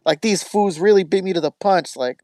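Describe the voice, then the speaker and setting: A man's voice: high-pitched, fairly quick, no room sound. Podcast guy cussing thru a story, does the voices, super dry sound. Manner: profane, animated storytelling with acted quotes. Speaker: podcast host. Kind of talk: casual chat.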